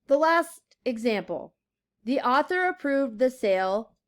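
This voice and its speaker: Very animated and sitting high in pitch, a female teacher gives a grammar lesson in class. She goes slowly, emphasizing key words and reading example sentences out loud.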